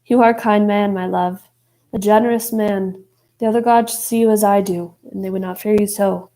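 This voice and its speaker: A woman voicing a calm, defiant mother with an Italian accent. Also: mid-range voice, moderate pace, lightly acted.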